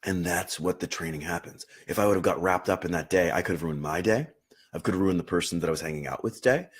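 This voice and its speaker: A man's voice: low-pitched, husky. A young man giving an earnest, unscripted talk as a meditation teacher, stressing points by repeating words.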